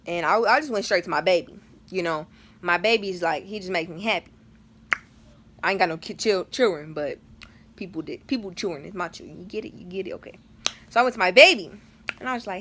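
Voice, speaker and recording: A woman's voice: mid-range voice, brisk, a bit bright. A teenage girl chatting animatedly at home, telling a storytime vlog with casual slang. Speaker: vlogger.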